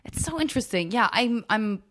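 A woman's voice: fairly high pitch, animated, a little fast, a bit bright. A woman hosting a podcast, musing thoughtfully and searching for her words as she talks. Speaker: podcast host. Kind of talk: casual chat.

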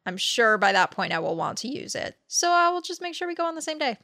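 A chatty woman co-hosting a podcast who giggles often and reads questions aloud. Her voice is bright and slightly high, with a lively rise and fall. The sound is dry and close-miked. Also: fast talker, no room sound. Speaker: podcast co-host. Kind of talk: casual comedic chat.

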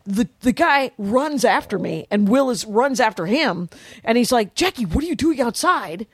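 A woman's voice: fairly high pitch, moderate pace, slightly rough, dry recording. A woman co-hosting a podcast, telling a story in casual chat and acting out the people in it with quoted voices. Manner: animated retelling with quoted voices. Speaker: podcast co-host. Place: podcast studio.

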